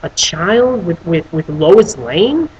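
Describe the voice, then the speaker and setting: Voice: mid-range voice, slow, lo-fi sound, slight background noise. A film reviewer on a casual video who rants with lots of swearing and restarts. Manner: animated, profane ranting with many restarts; breaks into voicing characters.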